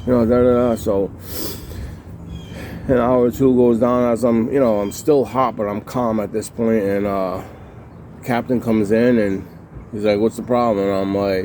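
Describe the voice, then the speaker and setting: A man's voice: lowish voice, fairly even intonation, moderate pace, mellow, a little hiss or hum. A man recounting his time in prison in a heated, profane way, repeating himself and acting out what people said. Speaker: former prisoner telling his story. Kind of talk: casual storytelling to camera.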